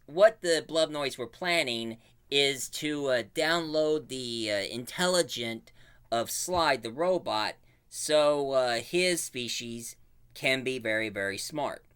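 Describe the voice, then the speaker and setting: A man casually retelling a cartoon plot as a reviewer, with animated storytelling full of fillers. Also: mid-range voice, slow, smooth.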